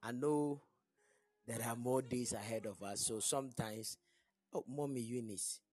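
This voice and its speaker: A man's voice: medium pitch, a little slow, darkish tone, breathy edge, no room sound. A man preaching a fervent prophetic sermon while losing his voice, blessing people one by one by name. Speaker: pastor.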